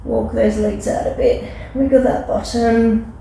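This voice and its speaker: A woman leading a children's yoga class, giving gentle, playful, encouraging instructions. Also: fairly high pitch, level tone, measured pace, vocal fry, slight background noise. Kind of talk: guided kids yoga class. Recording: echoey room, mic far off.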